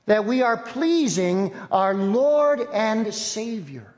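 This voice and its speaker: A man preaching a sermon as pastor, telling a story in an earnest, measured way. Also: high voice, lively intonation, a little mellow. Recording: long reverb of a large hall.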